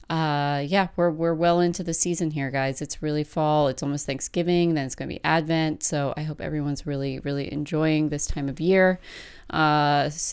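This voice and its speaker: A woman, hosting a podcast in a casual, chatty way with fillers and soft laughs. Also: sits low, smooth. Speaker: podcast host. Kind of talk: casual chat. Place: home.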